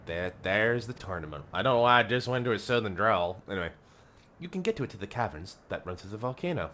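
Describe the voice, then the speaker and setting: A man's voice: on the low side, expressive, fast talker, pushed and bright, a little hiss or hum. A man streaming a video game live and chatting casually, rambling as he reads game lines aloud. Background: game music.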